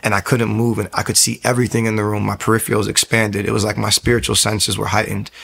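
A young man with a low, gravelly voice tells his own story of faith. He speaks earnestly and candidly, often breaking off and restarting his sentences. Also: level tone, fast, fairly bright tone. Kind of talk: personal testimony.

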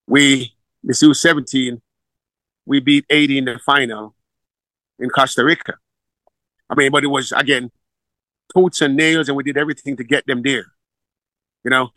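A middle-aged man, a football coach telling stories in a conversational, animated way, repeating words and laughing as he goes. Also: mid-range voice, no echo. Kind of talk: conversational storytelling.

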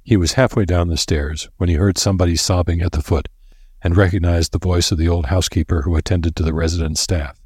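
Deep, husky male audiobook narrator. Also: brisk, no room sound, clean studio sound. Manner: steady, even reading.

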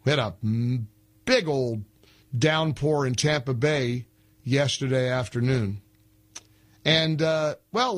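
Talk radio guy, kinda high-ish voice, just chatting along and setting up clips. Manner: chatty, conversational, sets up clips.

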